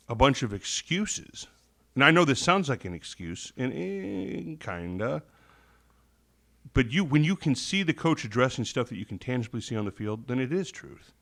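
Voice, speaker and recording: A man's voice: mid-range voice, a bit bright. A man co-hosting a casual sports chat, rambling and correcting himself as he breaks down games, while fighting the hiccups. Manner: thoughtful, rambling, self-correcting. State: has the hiccups. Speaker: podcast co-host.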